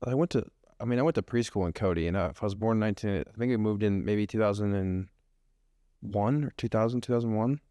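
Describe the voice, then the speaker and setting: A young man who grew up in Wyoming, co-hosting a podcast in casual, laid-back chat with halting restarts. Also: lowish voice, dark tone, dry recording. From Wyoming, USA. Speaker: podcast co-host, football player.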